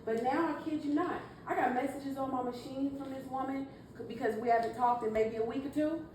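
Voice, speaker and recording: A woman's voice: sits high, fairly even intonation, a little mellow. Emotional woman speaking in an echoey room. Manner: emotional, halting, earnest. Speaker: granddaughter giving a tribute. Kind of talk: heartfelt family speech. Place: family party in a hall. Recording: echoey room, mic far off, noisy.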